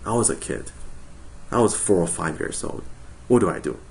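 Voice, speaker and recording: A man's voice: low voice, sing-song, normal speed, gravelly, darkish tone. A young man from China, introducing himself to his class in a recorded video in a friendly, joking way with frequent ums. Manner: friendly, jokey, frequent ums and self-corrections. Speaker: college instructor.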